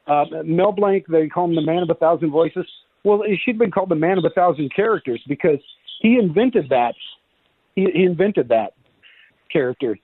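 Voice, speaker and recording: Voice actor guest on a call-in line, animated, fairly high, phone-thin and dry. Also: male voice, breathy edge. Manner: animated, drops into voices and impressions. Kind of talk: casual radio interview. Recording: tinny phone-line sound.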